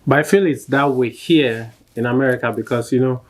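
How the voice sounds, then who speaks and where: A man's voice: mid-range voice, a little fast. Easygoing Nigerian-accented man. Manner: easygoing, filler-heavy storytelling. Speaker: co-host. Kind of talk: casual couple chat.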